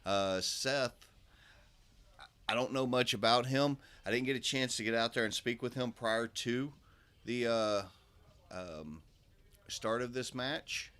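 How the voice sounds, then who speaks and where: A man commentating live on a darts match, chatty and relaxed, with many fillers and asides. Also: mid-range voice, slow pace, pauses often, smooth.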